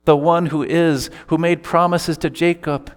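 A man's voice: fairly high pitch, steady tone, a little slow, long reverb tail. A man preaching an earnest sermon as pastor, voicing scripture quotes with feeling. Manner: earnest preaching, quoting scripture in character voices.

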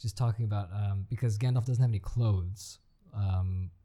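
Mellow-voiced, hesitant man chatting. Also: fairly low pitch, fairly even intonation, moderate pace. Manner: hesitant, many fillers. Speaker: podcast co-host. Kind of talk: casual chat.

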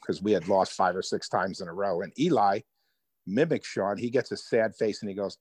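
A man telling personal stories as a guest in an interview, lively and conversational. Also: lowish voice, moderate pace, dry recording. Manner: animated storyteller, acts out quoted voices. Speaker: author and guest. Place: Hoboken.

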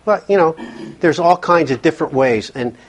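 A man's voice: fairly high pitch, lively intonation, moderate pace. A man speaking earnestly at a church counseling workshop, often repeating words as he thinks. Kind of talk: conversational workshop talk.

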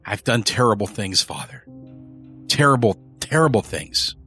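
A man's voice: on the low side, big pitch swings, normal speed, sharp tone, soft background music, heavily acted. A man playing a callous rich killer. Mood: boastful. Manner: casual, callous boasting. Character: arrogant rich young male killer, boastful and cold.

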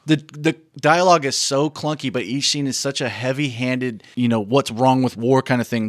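A man co-hosting a podcast, making wry, deadpan jokes in a casual film discussion. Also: medium pitch, no room sound, clean studio sound. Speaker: podcast co-host. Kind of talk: casual movie review chat.

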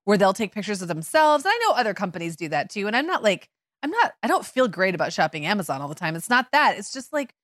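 A woman co-hosting a podcast in casual chat, telling stories in an animated way and laughing often. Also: mid-range voice, fast talker, no echo, clean studio sound. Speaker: podcast co-host.

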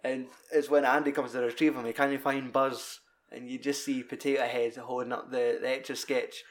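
Brief: Scottish guy in his thirties, casual podcast chatter, sweary and rambling, middling pitch. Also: normal speed. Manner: rambling, swears constantly, animated retelling. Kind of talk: casual chat.

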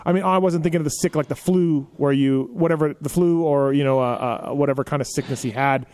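A man hosting a podcast, telling stories in a casual, animated way with lots of filler phrases. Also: fairly high pitch, quick pace. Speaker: podcast host.

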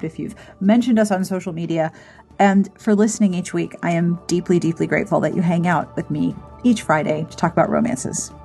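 A woman's voice: on the low side, a little mellow, husky. A woman hosting a podcast and reading its outro in a chatty, easily amused way. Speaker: podcast host. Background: faint music.

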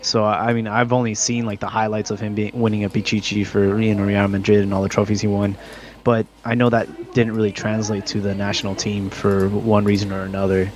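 A man's voice: fairly low pitch, level tone, fairly quick. A young adult man co-hosting a casual podcast chat, easygoing and questioning, with frequent "like" in his talk. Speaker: podcast co-host.

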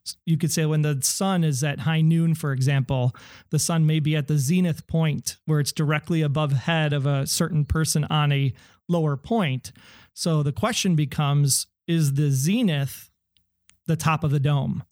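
A man talking through a TV episode in a casual, speculative way, his voice sitting a little higher than most men's. The sound is dry and close, with no room around it. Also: normal speed, no echo. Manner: speculative, animated, quotes lines in put-on voices. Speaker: podcast co-host. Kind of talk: casual TV recap chat.

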